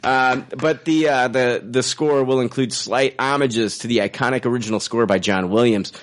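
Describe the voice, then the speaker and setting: A man's voice: medium pitch, normal speed, heavy background noise. A man hosting a casual podcast chat, rambling and profane, often breaking into laughter. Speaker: podcast host.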